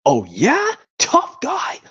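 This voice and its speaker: A man doing an impression of a jealous, bossy cowboy doll from an animated film, scolding and taunting. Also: high-pitched, takes it slowly, husky, pitched above the performer's own voice, heavily acted. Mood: mocking. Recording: dull lo-fi stream audio.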